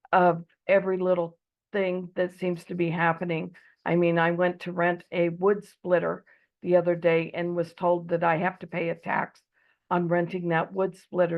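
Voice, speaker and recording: Husky-voiced woman from Eastern Oregon. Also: lowish voice, highs cut off. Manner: earnest, with frequent ums. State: losing her voice. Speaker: debate speaker. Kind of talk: prepared debate speech.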